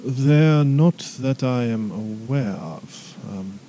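Slow, formal man in role-play. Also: medium pitch, mellow, a little hiss or hum. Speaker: tabletop game player. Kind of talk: in-character tabletop role-play.

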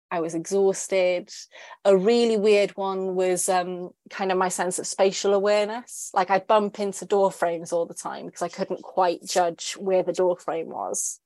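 A woman's voice: medium pitch, no room sound. A woman in her thirties, a writer talking as a podcast guest in a candid, chatty way with many fillers. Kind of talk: casual interview chat.

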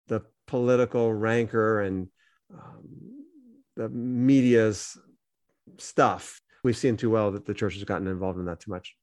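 A man's voice: on the low side, no room sound. A man co-hosting a podcast, talking earnestly and reflectively in a casual discussion. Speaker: podcast co-host.

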